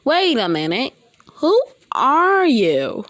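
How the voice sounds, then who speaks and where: A woman's voice: high-pitched, wildly swooping pitch, takes it slowly, fairly bright tone, voice pushed up, exaggerated voice. A woman voicing a guarded young ninja boy who is wary of being hurt, in a plain, wary tone.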